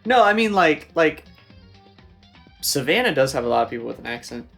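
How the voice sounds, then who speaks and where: A man's voice: fairly high pitch, sing-song, brisk, creaky, fairly bright tone, faint music behind. A young man from the American South, co-hosting a game playthrough in rambling casual chat and laughing often. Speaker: co-host. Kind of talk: casual let's-play chat.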